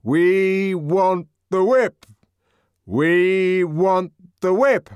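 A chanting frenzied mob. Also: male voice, very high voice, expressive, no echo, voice pushed up, full character voice. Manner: slow loud rhythmic chanting.

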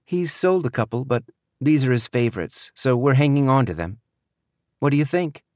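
Cheerful breezy young woman as a male narrator puts her on, raised pitch, affectionate daughter, audiobook. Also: lively intonation, moderate pace, a little mellow, no echo, natural voice. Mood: proud.

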